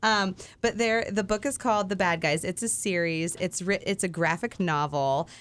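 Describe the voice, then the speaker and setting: A woman's voice: lowish voice, moderate pace, a bit bright, smooth. Chatty, laughing woman radio co-host. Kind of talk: casual morning radio chat.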